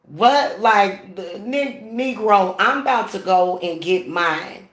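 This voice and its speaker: Woman, profane, blunt vlog rant, middle pitch, roomy echo. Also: expressive, slow pace. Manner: blunt, profane, laughing, talks straight to viewers. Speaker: spiritual practitioner vlogger. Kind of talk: casual ranting vlog. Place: at home.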